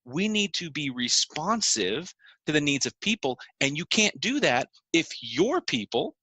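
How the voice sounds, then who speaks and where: Earnest man, bright dry voice. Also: fairly high pitch, big pitch swings, measured pace, breathy edge, no echo. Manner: earnest, builds points through repetition. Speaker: podcast co-host. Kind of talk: explaining with examples.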